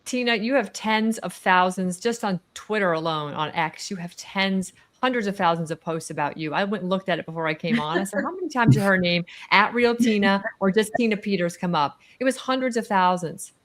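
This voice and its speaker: A woman's voice: medium pitch, brisk, few pauses. A woman co-host on a video call, effusive and gushing with praise. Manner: effusive, warm-hearted, gushing.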